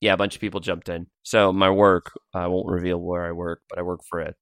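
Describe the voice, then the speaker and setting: A man with a low, deep voice chats loosely as a podcast co-host, laughing often between rambling asides. The mic sits close and the sound is dry, with no room around it. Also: level tone, brisk, clean tone, no room sound. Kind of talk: casual podcast chat. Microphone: pop filter mic.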